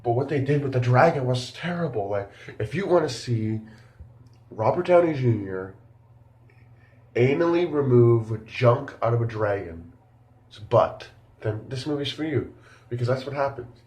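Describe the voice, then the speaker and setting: A man's voice: mid-range voice, lively intonation, measured pace, darkish tone, reverberant. A man giving a casual spoken film review, rambling and incredulous, full of fillers.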